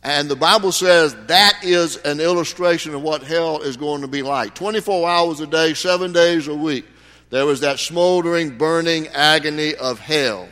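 A man's voice: fairly high pitch, moderate pace, fairly bright tone. A man preaching a sermon as pastor, folksy, with sudden emphatic rises. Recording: long hall reverb.

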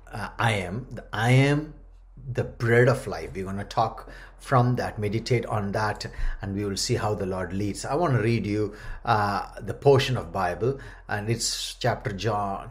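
A man preaching a sermon as pastor, reading scripture aloud and stressing key phrases with earnest emphasis. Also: mid-range voice. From India.

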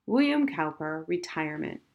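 A woman voicing a calm, bookish older nanny who answers in quotations. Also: deep voice, moderate pace, lo-fi sound. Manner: calm, serene, quotes poetry.

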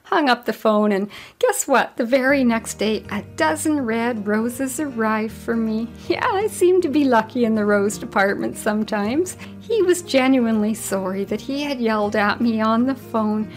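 A woman's voice: a little high, animated, moderate pace, few pauses, faint music behind. A woman in her sixties, a retired grandmother, hosting a solo podcast and telling stories in a chatty way, laughing now and then. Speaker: podcast host.

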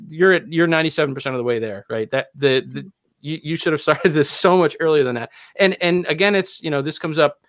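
A man's voice: on the high side, no echo. Man giving earnest advice, dry sound. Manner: earnest, lecturing on a soapbox. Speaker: podcast host. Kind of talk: casual podcast chat.

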